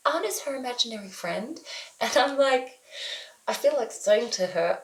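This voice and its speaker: A woman, a mother telling a comic true story in an animated, exasperated way. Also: fairly high pitch, moderate pace. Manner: animated, exasperated, acts out family members. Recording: roomy echo.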